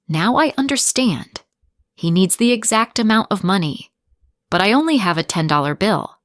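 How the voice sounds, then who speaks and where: A woman English teacher narrating a story slowly and clearly, with careful articulation for learners. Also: deep voice, animated, fairly bright tone, no echo, clean studio sound. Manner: slow, deliberate, carefully articulated.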